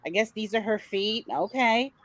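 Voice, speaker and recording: A woman's voice: on the high side, normal speed, poor audio. A woman hosting a casual commentary show, talking in a blunt, sarcastic way and swearing freely. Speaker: commentary channel host.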